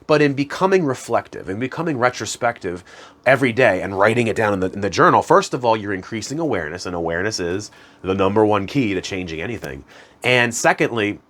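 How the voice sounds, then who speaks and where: Man, low voice, casual instructional talk, self-improvement host, chatty. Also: lively intonation, fast. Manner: conversational, chuckles at himself, chants hum softly.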